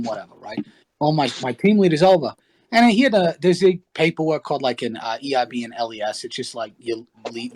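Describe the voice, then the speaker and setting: A man telling a long, profane story in casual chat, animated, acting out the other people's lines. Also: mid-range voice. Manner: animated, profane, acts out quoted voices. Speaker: regular speaker in a gaming chat. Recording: online voice chat.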